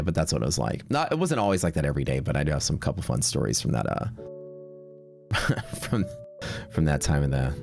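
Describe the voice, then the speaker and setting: A man with a low voice tells stories on a livestream in a loose, rambling way, restarting his sentences and filling gaps with "like" and "um". Faint music plays behind him. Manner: rambling, laid-back, full of fillers and restarts. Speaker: streaming day-trading host. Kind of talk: casual storytelling on a livestream.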